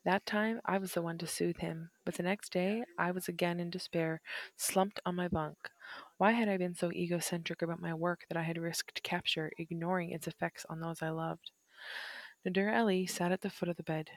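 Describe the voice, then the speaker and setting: Low-voiced woman reading a memoir. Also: steady tone, no echo. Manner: measured, reflective reading. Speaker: narrator. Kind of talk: reading a first-person memoir aloud.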